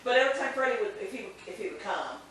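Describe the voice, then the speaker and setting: Woman, teacher, casual storytelling, acts out quotes, lively pitch, echoey room, distant mic. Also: racing. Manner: animated, laughs often, acts out quotes. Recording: echoey room from far off with faint noise.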